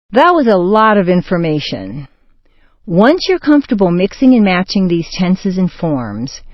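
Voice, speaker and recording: An American woman teaching pronunciation, reading short example words and phrases with slow, exaggerated clarity. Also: on the low side, no room sound, lo-fi sound. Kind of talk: scripted pronunciation lesson.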